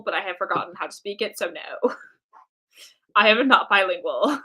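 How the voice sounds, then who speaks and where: A woman's voice: mid-range voice, lively intonation, moderate pace, pushed and bright, breathy edge, poor audio. A young American woman chatting casually on a drawing live stream, rambling and self-mocking, with lots of ums and trailing thoughts. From United States. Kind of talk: casual chat while drawing.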